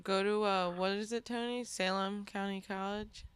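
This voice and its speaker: A woman's voice: medium pitch, fairly even intonation, normal speed, a crowd in the background. A woman co-hosting a casual podcast, with a teasing, wry way of talking. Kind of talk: casual chat.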